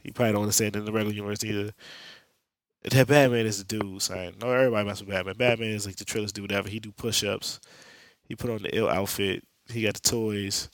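A man's voice: fairly low pitch, steady tone, fast, no room sound. A young man hosting a podcast, recapping a comic book story in streetwise slang with jokes and lots of profanity. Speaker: podcast host.

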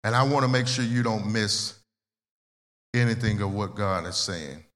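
A man preaching a sermon as pastor, talking plainly and conversationally, repeating phrases and swinging between loud and soft. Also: lowish voice, moderate pace, long reverb tail.

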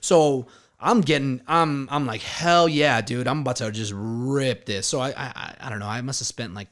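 A man's voice: medium pitch, moderate pace, a bit bright. A man in his thirties telling a profane, laughing story in casual chat, acting out the quotes.

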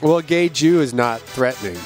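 A man's voice: medium pitch, brisk, faint music behind. A man co-hosting a comedy podcast, chatting casually and breaking into sing-song bits. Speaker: podcast co-host.

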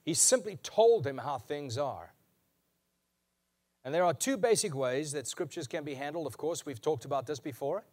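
A man preaching a sermon as a pastor, emphatic, slowing down and repeating key lines for weight. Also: on the high side, animated, darkish tone.

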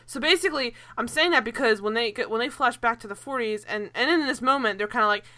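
A young woman casually chatting as a podcast co-host, animated and laughing, rambling with fillers and the odd swear word. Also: a little high, fast talker. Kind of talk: casual chat.

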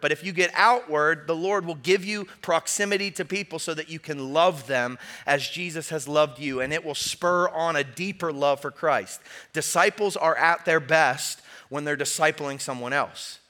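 Male pastor, higher-pitched bright voice, earnest sermon delivery in a church. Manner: earnest, direct preaching with rhetorical questions.

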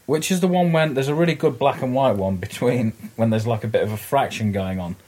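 A man's voice: mid-range voice, fairly quick, a little mellow. A man in casual film chat, joking and swearing, laughing often.

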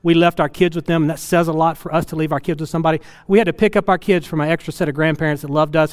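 A middle-aged man preaching a sermon, telling a personal story in an earnest way that swings from loud to hushed and tearful. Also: fairly high pitch, clean tone, long reverb tail. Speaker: pastor.

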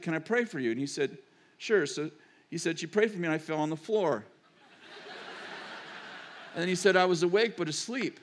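Older man preaching a chatty sermon. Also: a little high. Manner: storytelling, chatty, digressive. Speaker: pastor.

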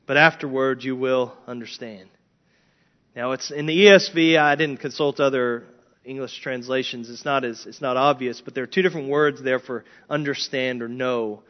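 Animated preacher man, lo-fi recording. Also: fairly high pitch. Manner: animated, emphatic preaching with frequent restarts. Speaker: pastor. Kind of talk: expository sermon. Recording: dull lo-fi sermon recording.

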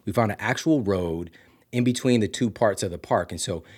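A man from Missouri hosting a podcast, telling a story casually with big swings from loud to hushed. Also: lowish voice, normal speed, slightly rough. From Missouri, USA. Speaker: podcast host.

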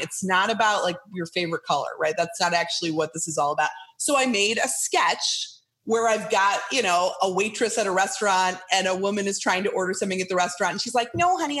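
A middle-aged woman chatting as a podcast guest, lively and playfully acting out the voices of people she quotes. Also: medium pitch. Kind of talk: casual interview chat.

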